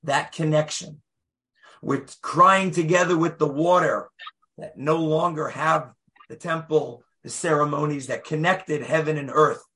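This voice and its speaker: A man teaching a lively Torah class, emphatic and acting out the voices in the text. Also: on the high side, unhurried. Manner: animated, emphatic, acts out voices and quotes.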